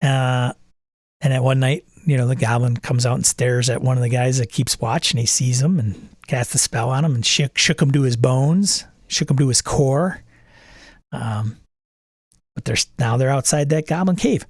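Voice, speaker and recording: A man's voice: mid-range voice, moderate pace, no room sound, clean studio sound. A man hosting a casual chat about running tabletop games, telling stories and acting out his players' lines. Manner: animated storyteller who acts out players' quips. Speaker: game master and podcast host.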